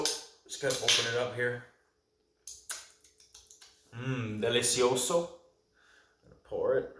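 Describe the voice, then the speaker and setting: A man's voice: medium pitch, a bit bright, slight background noise. A man in the middle of his range chats to camera like he's hanging out with a friend, rambling along with plenty of ums and restarts. His voice carries a noticeable room echo, as if recorded at home in a bare space. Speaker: vlog host reviewing films and beer. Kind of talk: casual rambling chat to camera. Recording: echoey room.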